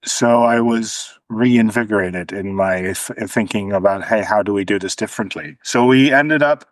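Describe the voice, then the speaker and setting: A man's voice: fairly low pitch, normal speed, no room sound. A man speaking as an interview guest, thoughtful, with frequent restarts and a dry sarcastic streak. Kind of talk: conversational interview.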